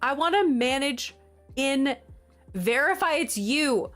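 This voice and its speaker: A woman's voice: fairly high pitch, very animated, a little slow, a bit bright, faint music behind. A woman streamer chatting casually on a livestream, flustered, exasperated and apologetic.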